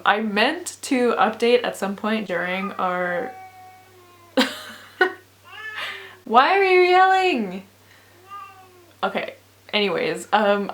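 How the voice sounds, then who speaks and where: Young woman, book vlogger, worn out and sleepy, rambling casual chat. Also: medium pitch. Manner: rambling, filler-heavy, laughs often. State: sleepy and exhausted.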